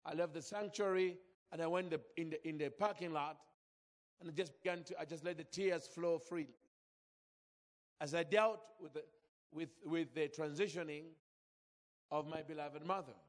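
High-voiced man preaching in a reverberant hall. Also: steady tone, normal speed, long pauses. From Zambia. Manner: emotional storytelling, calls out to congregation. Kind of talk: sermon.

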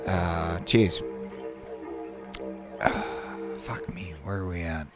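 A man's voice: low-pitched, flat delivery, drawn-out words, loud music behind the voice. A man hosting a casual solo podcast, rambling, laughing often and swearing casually. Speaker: podcast host, aspiring voice actor.

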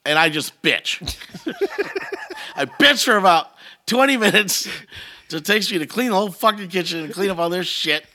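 A middle-aged man in a casual chat, ranting and swearing through his stories. His voice is very bright and fairly high, and it swings widely in pitch as he gets worked up. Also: normal speed, pauses often. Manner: profane, animated ranting storytelling.

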